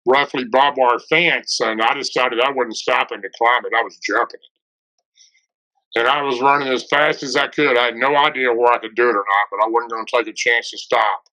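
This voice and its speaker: A man's voice: medium pitch, steady tone, normal speed, sharp tone. A middle-aged man with a Tennessee Southern accent, casually telling a story with lots of "and, uh" fillers. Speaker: guest telling an encounter story. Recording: dull lo-fi podcast audio.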